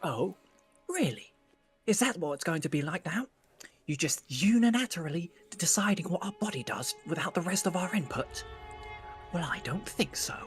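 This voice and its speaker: A woman's voice: lowish voice, very animated, normal speed, faint music behind. A woman voicing a paranoid, scheming inner voice that hisses its suspicions. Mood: defiant. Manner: urgent, suspicious whispering.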